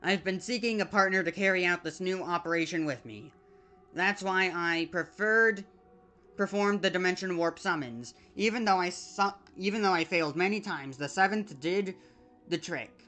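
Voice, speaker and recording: A desperate female android in a video game pleads and then sinks into despair, as a streamer reads her lines aloud. The voice sits in a middling pitch and keeps the flat cadence of someone reading game text off the screen. Soft game music plays faintly underneath. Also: moderate pace, natural voice. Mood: pleading, insistent. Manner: reading game dialogue aloud with self-corrections.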